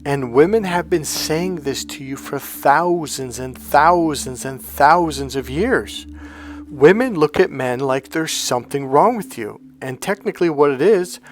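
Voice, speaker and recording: A man working as a dating coach, telling a story to the camera, acting out the dialogue and swearing freely along the way. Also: fairly high pitch.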